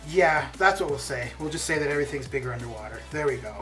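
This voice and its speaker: A man's voice: medium pitch, expressive, quick pace, a bit bright. A man in his forties chatting casually on a live game stream, rambling and answering his chat. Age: 40s. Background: stream background music.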